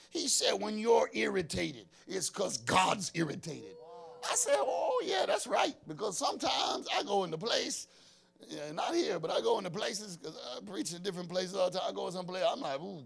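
Preaching fervently in his role as an apostle, a man often shouts and breaks into prayer in tongues, his high-pitched voice sounding gravelly.

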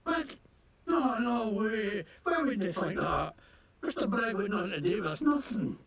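A cornered video game shopkeeper with a put-on Scottish accent, high, lively and gravelly, who blusters and swears. The sound comes from some distance and has a crowd murmuring behind it. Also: male voice, measured pace, full character voice. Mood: indignant. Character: shifty male fake-Scottish shopkeeper, defiant and loud.

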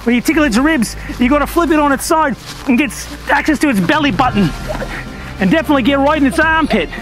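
A man putting on an Australian accent to play a fearless, excitable wildlife wrangler in his garden orchard, shouting quick exclamations. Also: very high-pitched, faint music behind, pitched above the performer's own voice, rough recording. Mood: thrilled. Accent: Australian, put on. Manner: loud, breathless, fast exclamations.

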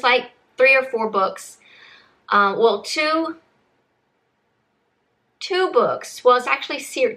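Bright chatty young woman vlogger. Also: on the high side. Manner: chatty, rambling with frequent restarts, says y'all. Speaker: book vlogger. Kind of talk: casual chat to camera.

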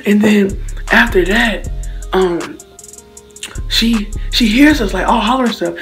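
A man's voice: high voice, slow, soft background music. Slangy young man telling a story. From Slidell, Louisiana. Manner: animated, slangy, acts out hits with sound effects. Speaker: vlogger. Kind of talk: casual storytelling.

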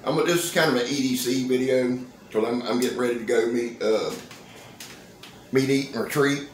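A man, talking through a casual knife-review vlog in an excitable, folksy, joking way. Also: mid-range voice, moderate pace, a little hiss or hum. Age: 50s. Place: indoor room. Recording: roomy, echoey sound.

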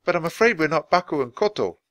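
A man's voice: lively intonation, fairly bright tone, no room sound. A man voicing an eager, bold young girl in a storybook reading. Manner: high, quick, cheerful.

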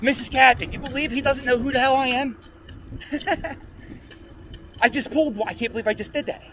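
A man vlogging as he rides a bike through city streets, rambling excitedly and talking to himself. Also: very high-pitched, brisk. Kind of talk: casual vlog monologue while cycling. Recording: outdoor street noise with passing traffic.

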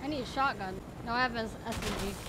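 A young woman streaming a game, giving excitable running commentary, often laughing and squealing. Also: on the high side, fast talker, noisy background. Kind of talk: live gameplay commentary.

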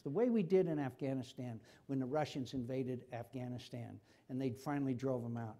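Older guy, senator, husky voice, gets fired up and says things twice. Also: mid-range voice, expressive, fairly quick, few pauses, warm tone. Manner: impassioned, repeats himself when stirred. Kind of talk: forum conversation. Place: university forum hall.

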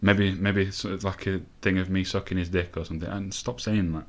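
A young man giving casual, sweary commentary on a football management game, rambling between excited outbursts. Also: low voice, fairly quick. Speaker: gaming let's-play host.

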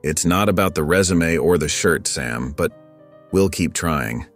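A man's voice: low-pitched, expressive, a little slow, faint music behind. A man voicing an earnest, determined teenage brother.

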